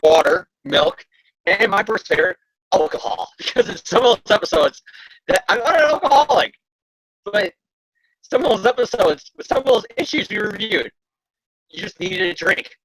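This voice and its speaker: A man co-hosts a casual podcast in a high, very lively voice. His tone is bright but gravelly and husky. He jokes constantly and laughs easily. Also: no echo, low-quality recording. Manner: joking, animated, quick to laugh. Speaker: podcast co-host.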